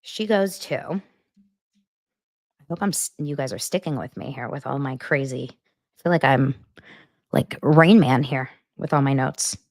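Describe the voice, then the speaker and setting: A woman's voice: a bass voice, a little slow, pauses often, darkish tone, no room sound, studio quality. A woman hosting a casual gossip show, chatting and reading out text messages, often stopping to correct herself. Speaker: podcast host.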